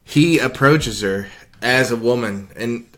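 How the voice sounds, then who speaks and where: A man's voice: medium pitch, slow pace, a bit bright. A young man co-hosting a podcast, chatting casually over beers, crude and joking, laughing often. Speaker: podcast co-host.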